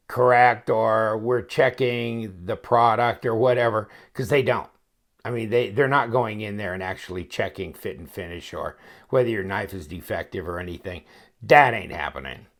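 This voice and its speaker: A man's voice: fairly low pitch, normal speed, creaky. A man reviewing a knife in a casual unboxing chat, rambling and thinking aloud with wry, joking asides. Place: home, at his inspection table.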